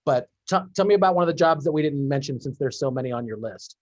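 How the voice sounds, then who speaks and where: A man's voice: medium pitch, expressive, fast talker, no room sound, lo-fi sound. A male podcast host on a video call, rambling, restarting his sentences and laughing along with his guest. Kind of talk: casual interview over a video call.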